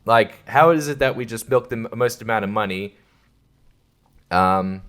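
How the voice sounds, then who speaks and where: A man's voice: on the low side, moderate pace, a bit bright, clear, resonant tone. A man hosting his own podcast, rambling crudely in a casual solo rant and laughing often. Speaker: podcast host.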